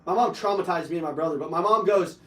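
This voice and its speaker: A high-voiced man gives a live sales training to a room of people. He jokes loudly, swears freely and keeps the energy up. The sound is roomy, and he is heard from some distance from the mic. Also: fast talker. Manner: loud, joking, profane and energetic.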